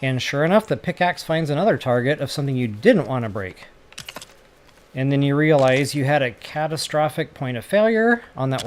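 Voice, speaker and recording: A man's voice: medium pitch, a little hiss or hum. Chatty man thinking aloud while gaming. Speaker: gaming tutorial creator. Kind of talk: casual gameplay commentary.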